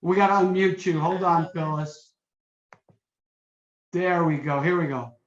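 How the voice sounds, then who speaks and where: A man hosting a motivational webinar as a coach, telling stories in a lively, upbeat way over a video call. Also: on the high side, measured pace. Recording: roomy, dull lo-fi webinar audio.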